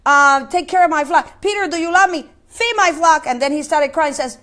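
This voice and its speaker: A woman's voice: high voice, normal speed, few pauses, fairly bright tone. A woman preaching a sermon, impassioned, with many repetitions and quoted scripture. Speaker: pastor.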